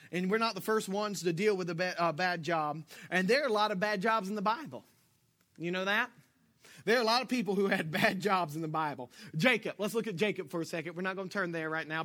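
A young man preaching a sermon as a pastor, animated and joking, swinging between loud bursts and soft asides. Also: sits high.

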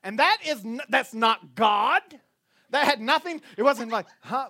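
A male Southern pastor from Northwest Florida, with a high, bright voice and a Southern US accent, delivers a sermon laced with jokes to his congregation. He tells stories in an animated, joking way and tosses quick asides to the crowd.

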